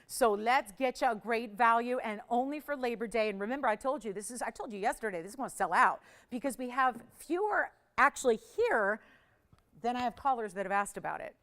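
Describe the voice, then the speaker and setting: A woman hosting a live jewelry shopping show, pitching pieces with enthusiastic, emphatic selling and repeated phrases. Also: lively intonation, brisk, fairly bright tone.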